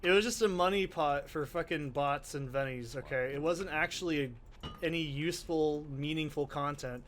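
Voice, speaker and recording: Exasperated male gamer, cursing constantly, voice a bit higher than usual, faint background hum. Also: moderate pace, a bit bright. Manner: ranting, profane, exasperated. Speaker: gaming channel host. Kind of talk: let's play commentary.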